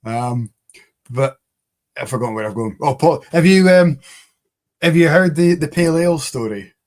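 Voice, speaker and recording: A man's voice: fairly high pitch, moderate pace, darkish tone. Rambling man hosting a chat. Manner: rambling, many fillers and restarts. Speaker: podcast host. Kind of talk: casual chat.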